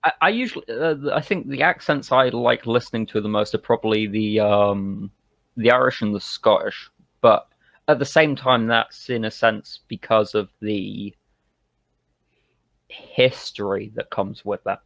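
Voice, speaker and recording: A British man answering interview questions in a thoughtful, hesitant way, often pausing to find his words. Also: lowish voice, creaky, a bit bright, dry recording. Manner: thoughtful, hesitant, many ums and restarts. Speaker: interview guest. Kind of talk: casual online interview chat.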